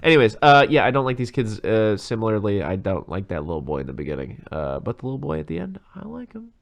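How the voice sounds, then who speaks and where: A man with a fairly low voice talks through a movie in casual podcast chat. He rambles, drops in plenty of fillers and swears freely. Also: sing-song, quick pace, vocal fry. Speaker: podcast co-host.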